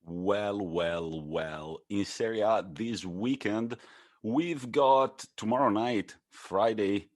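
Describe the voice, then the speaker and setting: A man with a very low, deep voice co-hosting a podcast. He is enthusiastic and a little teasing as he runs through the fixtures. It is casual football chat into a podcast mic. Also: takes it slowly. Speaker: podcast co-host.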